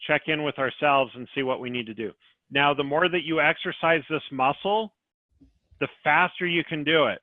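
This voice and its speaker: A man's voice: a little high, normal speed, no room sound. Man coaching over a tinny line. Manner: coaching, guiding questions. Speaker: business coach. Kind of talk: podcast conversation. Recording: tinny phone-like line, dry.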